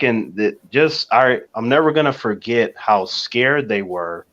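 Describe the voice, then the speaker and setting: A man's voice: mid-range voice, expressive, a little slow, a bit bright. Laid-back man with a dull lo-fi sound. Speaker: panelist. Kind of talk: casual storytelling on a talk panel.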